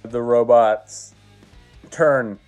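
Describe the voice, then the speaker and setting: Man, slow deliberate improv storyteller, mellow tone. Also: mid-range voice, fairly even intonation, soft background music. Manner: slow, halting narration with many pauses.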